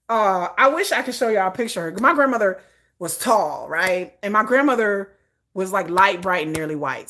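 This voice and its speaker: A woman live-streaming to her viewers, telling family stories in a casual, animated way. Her voice sits a little low but sounds bright and forward, and her pitch swings widely. She laughs often and restarts phrases as she goes.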